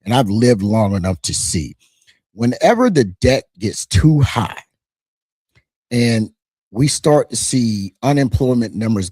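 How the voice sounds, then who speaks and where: A man's voice: lowish voice, no echo, studio quality. A middle-aged man from the United States, hosting his own channel with casual, emphatic commentary that often restarts mid-sentence. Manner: animated, emphatic, frequent restarts. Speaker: channel host.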